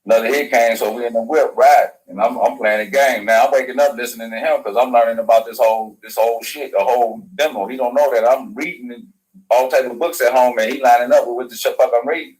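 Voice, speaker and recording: Guy rattling off a wild story real quick, slangy and cussing a lot. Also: mid-range voice, steady tone, a little mellow, poor audio. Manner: fast, loose slang-heavy talk with profanity. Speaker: guest. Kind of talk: rambling storytelling.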